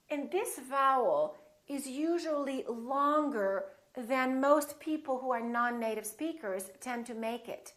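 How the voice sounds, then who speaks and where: Slow, deliberate American woman teacher. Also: a little high, lively intonation, fairly bright tone. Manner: slow and deliberate, demonstrating vowel sounds. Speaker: pronunciation teacher. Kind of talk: scripted pronunciation lesson.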